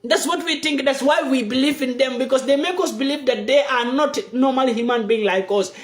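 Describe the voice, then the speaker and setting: A man's voice: extremely high pitch, echoey room. A man from Africa giving a seated, impassioned monologue to the camera, emphatic and repetitive. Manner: emphatic and repetitive, preaching slowly. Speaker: video blogger. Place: seated indoors.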